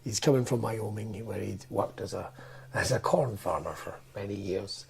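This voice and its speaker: A Scottish man voicing a rambling old man who drags out a joke, low and trailing off. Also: creaky. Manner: slow, low, trailing off to a near whisper. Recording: roomy echo.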